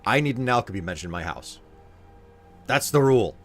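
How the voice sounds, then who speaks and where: A man's voice: mid-range voice, animated, moderate pace, faint music behind. A man chatting casually while streaming a game, rambling and joking, often restarting his sentences. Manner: rambling, self-interrupting, jokey.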